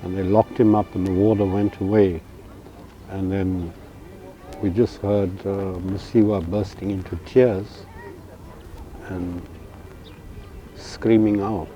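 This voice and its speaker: A man giving a measured documentary interview testimony about his past imprisonment, recounting with pauses. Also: low-pitched, little pitch movement, dark tone, dull audio, a little hiss or hum. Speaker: former political prisoner interviewee.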